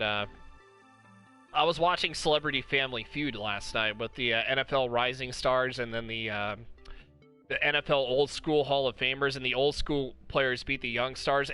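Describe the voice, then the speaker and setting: A man's voice: medium pitch, bright, forceful tone, clear, resonant tone. A man hosting a casual podcast, retelling funny stories and laughing often as he talks. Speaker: podcast host.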